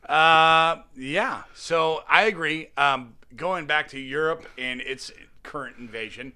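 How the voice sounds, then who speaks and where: A man in his forties hosting a casual comedy podcast, a bit tipsy, joking loosely and reading news aloud haltingly. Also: on the high side, bright, forceful tone. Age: 40s. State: tipsy from drinking. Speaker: podcast host.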